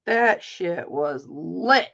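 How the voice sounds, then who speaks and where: Slow, chatty middle-aged woman. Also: fairly low pitch, expressive, gravelly, fairly bright tone. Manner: chatty, swears freely, greets viewers by name. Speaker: live-stream jewelry auction host. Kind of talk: casual chat while selling. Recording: dull lo-fi stream audio.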